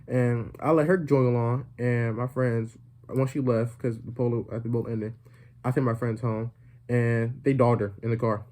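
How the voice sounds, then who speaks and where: Speaking at a normal pace, this young vlogger's medium-pitched voice is dark and mellow as he shares a funny story with his audience. It's rambling and filler-heavy, dotted with deadpan humor.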